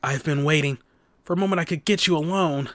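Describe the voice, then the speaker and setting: A man voicing a teary, earnest male deputy who pleads in a hushed, insistent voice. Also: high voice, lively intonation, measured pace. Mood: urgent pleading.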